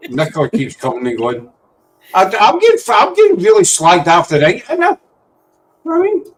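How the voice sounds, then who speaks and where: A man's voice: sits high, wildly swooping pitch, moderate pace, long pauses, slight background noise, poor audio. A man hosting a casual chat, rambling and easily sidetracked. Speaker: host.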